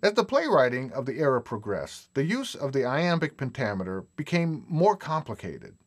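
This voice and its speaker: Male lecturer, scripted narration; measured, emphatic delivery, mid-pitched voice that moves a lot. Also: sing-song.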